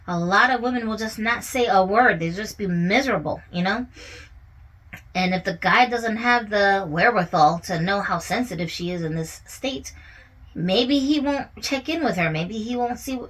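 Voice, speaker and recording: A woman's voice: fairly high pitch, fairly bright tone, low-quality recording. A woman giving a casual commentary monologue about relationships, talking conversationally and often checking in with her listener. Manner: conversational, often asks "you know what I'm saying?".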